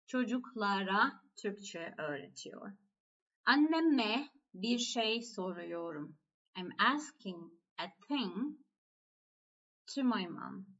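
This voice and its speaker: A woman with a Turkish accent gives a language lesson at an unhurried pace, pausing often and repeating each phrase. Her voice sits at a middle pitch. The recording sounds somewhat dull and lo-fi. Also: fairly bright tone. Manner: slow, patient, repeats phrases. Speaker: Turkish teacher.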